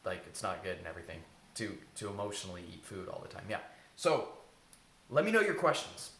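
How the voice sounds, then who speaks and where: Earnest self-help coach, man, lively intonation, echoey room, faint hiss. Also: deep voice, a little fast. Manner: earnest, informal, swears casually. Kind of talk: casual advice talk to camera.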